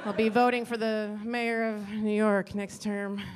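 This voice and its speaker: A woman's voice: mid-range voice, little pitch movement, measured pace. Rambling woman doing stand-up. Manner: rambling, self-deprecating, acts out quotes. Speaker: stand-up comedian. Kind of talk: stand-up comedy set. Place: comedy club stage with live audience. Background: audience laughter.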